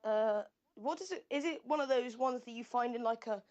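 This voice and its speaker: A woman co-hosting a casual podcast, chatting playfully with quick questions and jokes. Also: fairly high pitch, a little mellow, highs cut off. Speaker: podcast co-host. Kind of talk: casual chat.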